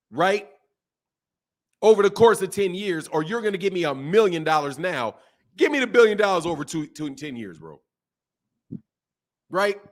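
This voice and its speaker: High-voiced man ranting about boxing. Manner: animated, repetitive, rhetorical questions. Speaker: boxing commentator. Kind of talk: casual commentary rant.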